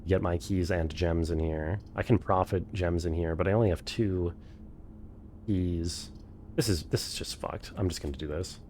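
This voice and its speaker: A man's voice: low voice, normal speed, darkish tone, a little hiss or hum. A man streaming a game for the first time, thinking aloud, swearing freely and chatting with his viewers. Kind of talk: casual live-stream commentary.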